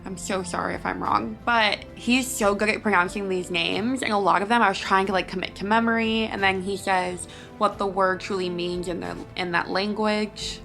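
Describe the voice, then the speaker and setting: A woman's voice: mid-range voice, steady tone, moderate pace, vocal fry, hardly any pauses, a bit bright, faint music behind. A tired, jittery young woman chatting and giggling while reading aloud on a casual book vlog. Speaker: book vlogger.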